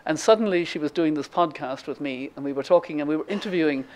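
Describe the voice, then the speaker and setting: A woman's voice: sits low, fast talker, darkish tone. An Irish woman in her seventies giving a lecture, telling a story with many ums and restarts. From Ireland. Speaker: guest speaker. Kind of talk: lecture with anecdote.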